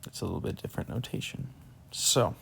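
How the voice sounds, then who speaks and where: A man's voice: a little fast, a bit bright, a little hiss or hum. A man teaching calculus in a casual way, talking through each step as he writes, sleepy and yawning. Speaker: math teacher. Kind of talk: screen-recorded math lesson.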